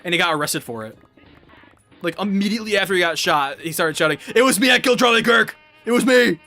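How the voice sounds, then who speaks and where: A man's voice: a little high, bright, forceful tone. A young man chatting casually while gaming, rambling and swearing, with many restarts. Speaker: gaming vlogger.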